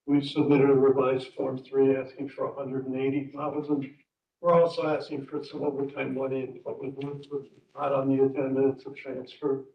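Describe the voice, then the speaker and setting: Department official, man, flat delivery, matter-of-fact, dull distant recording in a reverberant room. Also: medium pitch, normal speed, vocal fry. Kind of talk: public meeting presentation. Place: council meeting room.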